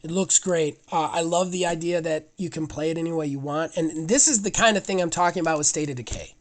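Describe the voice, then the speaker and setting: A man co-hosting a casual podcast, talking in an excitable, rambling way and often restarting his sentences. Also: fairly high pitch, fast talker. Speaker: podcast co-host.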